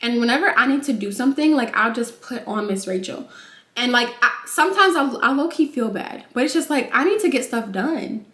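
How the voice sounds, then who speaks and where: A woman's voice: fairly high pitch, animated, brisk, sharp tone. Chatty young woman, roomy echo. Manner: chatty, informal, says "like" and "y'all" constantly. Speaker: vlogger, new mother. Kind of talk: casual chat while doing makeup.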